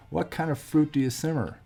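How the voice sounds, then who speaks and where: A man's voice: on the high side, gravelly, dark tone, breathy edge. A man hosting his own show, chatting casually as he solves a crossword and thinks aloud with many fillers and restarts. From USA. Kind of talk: casual solo puzzle commentary.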